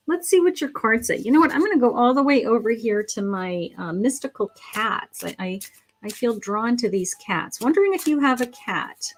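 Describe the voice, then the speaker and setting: Chatty woman reading tarot cards live. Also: on the high side. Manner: chatty, affectionate, calls viewers sweetheart and honey; thinks aloud with many ums and restarts. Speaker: psychic tarot reader.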